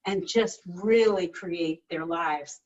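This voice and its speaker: A woman's voice: fairly low pitch, takes it slowly, darkish tone. A woman chatting enthusiastically on a group video call, often restarting her sentences. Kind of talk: casual chat. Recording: distant, dull video-call audio.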